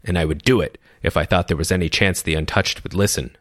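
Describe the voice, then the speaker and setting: A man voicing a weary, commanding male chieftain in a storybook reading, in a measured, authoritative way. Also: deep voice, steady tone, a bit bright, no echo, clean studio sound. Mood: stern.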